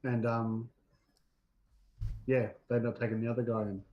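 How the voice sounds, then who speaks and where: A man co-hosting a casual podcast, telling a story in halting, repeated starts. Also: medium pitch, little pitch movement. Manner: halting, repeats words while thinking. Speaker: podcast co-host. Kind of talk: casual chat. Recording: dull lo-fi sound with faint noise.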